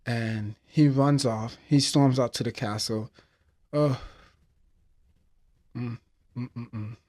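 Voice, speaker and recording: A man's voice: medium pitch, fairly even intonation, slow pace, a little mellow. A man hosting a podcast, telling a story in a heartfelt, hesitant way while reflecting on losing a friend. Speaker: podcast host.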